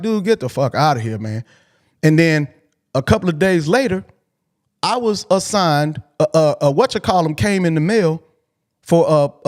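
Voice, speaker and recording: A man with a slightly high voice tells a personal story casually on a call-in show. He talks in an animated way, swears freely, and keeps restarting his sentences as he voices the people in it. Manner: animated, swearing, restarts often, acts out quoted lines. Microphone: call-in video chat.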